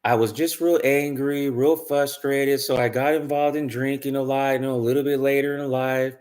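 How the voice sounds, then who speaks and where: Man, casual storytelling monologue, rambling, emphatic, swears, mid-pitched voice. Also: fairly even intonation, moderate pace, a little mellow. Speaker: spiritual vlogger.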